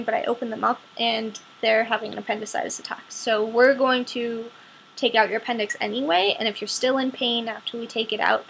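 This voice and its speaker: A woman's voice: a little high, creaky, fairly bright tone, slight background noise, rough recording. A woman voicing a confident male general surgeon who reassures as he explains.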